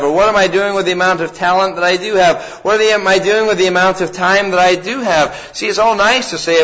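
A man's voice: high-pitched, a bit bright. A middle-aged man preaching a sermon in a conversational way, often repeating words and restarting phrases. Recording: muffled lo-fi sermon recording.

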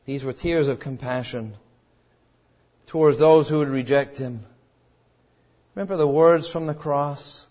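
A man preaching a sermon with deep emotion. He swings between loud cries and hushed low tones and acts out the quoted voices in his story. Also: unhurried, long pauses. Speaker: pastor. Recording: dull lo-fi sound.

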